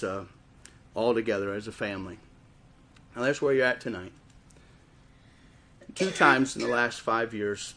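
A man with a Wisconsin accent preaching a sermon, telling stories and slowing down and rising in volume for emphasis. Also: lowish voice, slight background noise. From Chicago area, raised in Wisconsin. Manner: storytelling preacher, swells louder and slower for emphasis. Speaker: guest preacher.

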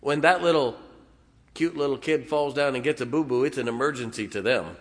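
A man's voice: medium pitch, brisk. A middle-aged man preaching a sermon as pastor, folksy and self-deprecating, with frequent chuckles. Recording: long hall reverb.

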